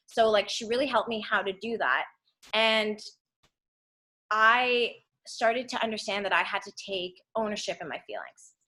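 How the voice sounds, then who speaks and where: A young woman telling a candid personal story as a guest speaker, swearing freely and acting out what people said. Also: medium pitch. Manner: animated, swears often, acts out quotes.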